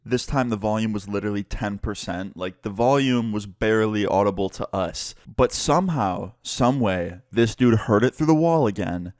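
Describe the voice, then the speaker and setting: Young man, low-voiced casual storyteller. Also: normal speed, hardly any pauses, no room sound, studio quality. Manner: casual, profane, animated storytelling. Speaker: vlogger and musician. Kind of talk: storytime vlog narration.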